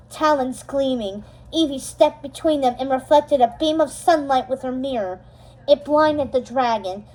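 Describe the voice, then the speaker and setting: A woman reading a storybook chapter aloud, steady and expressive, slowing down for dramatic moments. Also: high voice, low-quality recording. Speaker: storybook reader. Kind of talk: storybook read-aloud narration.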